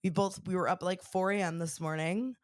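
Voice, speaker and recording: A woman's voice: lowish voice, fairly even intonation, fairly quick, no echo, studio quality. A young woman hosting a podcast in casual chat, rambling with many fillers while her voice recovers from being lost. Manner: chatty, rambling, lots of fillers. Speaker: podcast host.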